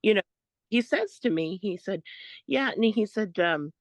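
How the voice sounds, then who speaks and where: A woman co-hosting a podcast, telling a story in a casual, animated way, quoting what others said. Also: medium pitch, unhurried, no echo. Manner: animated retelling, quotes others, laughs often. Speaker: podcast co-host.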